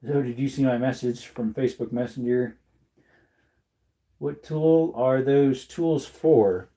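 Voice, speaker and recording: A man's voice: mid-range voice, slow pace, warm tone. A man hosting a casual livestream, joking with viewers and reading the chat aloud while he works. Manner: joking, chatty, reads chat aloud, puts on silly voices. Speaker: livestream host reloading ammunition.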